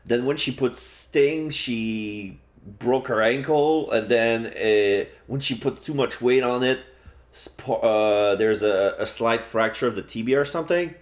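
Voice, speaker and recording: Slow, wry male game streamer. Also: medium pitch. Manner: wry, joking asides. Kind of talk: live game commentary.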